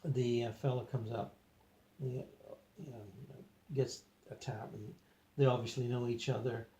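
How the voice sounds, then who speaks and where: A man recounting an out-of-body experience, talking in a hesitant, rambling way with many pauses and fillers. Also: mid-range voice, flat delivery, mellow, a little hiss or hum. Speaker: journal narrator. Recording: roomy echo.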